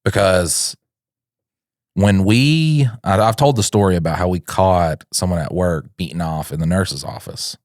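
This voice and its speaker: Brief: young male comedy podcaster, low voice, dry close sound, rambling and crude with silly voices. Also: a little slow, no room sound. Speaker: podcast co-host. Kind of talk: comedic reaction chat.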